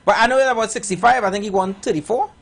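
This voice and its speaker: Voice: mid-range voice, very fast, gravelly, crowd noise. A radio host with a Trinidadian accent, talking in playful, rambling live banter with many fillers and restarts.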